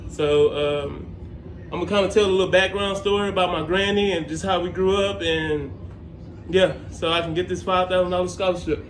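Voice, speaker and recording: A young man talking casually to camera, rambling and halting with many fillers. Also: high voice, fairly even intonation, echoey room, slight background noise. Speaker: scholarship applicant.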